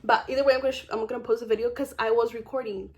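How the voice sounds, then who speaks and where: A woman's voice: fairly high pitch, rapid-fire. Woman vlogger, casual storyteller, rambling with lots of fillers, salty language, replays the dialogue. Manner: swears casually; animated retelling with quoted dialogue.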